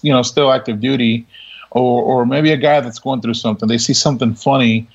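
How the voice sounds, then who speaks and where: A man, a military veteran, telling stories in a relaxed interview, laughing often and acting out what people said. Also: medium pitch, brisk, husky, muffled recording. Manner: laid-back, laughing, full of quoted dialogue. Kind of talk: casual storytelling interview.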